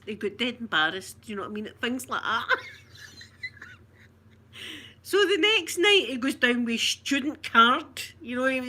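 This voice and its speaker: A woman from Scotland hosts an ASMR livestream from a room at home, chatting casually with viewers, telling funny stories, mimicking voices and laughing often. Her voice is a little high, pushed and bright.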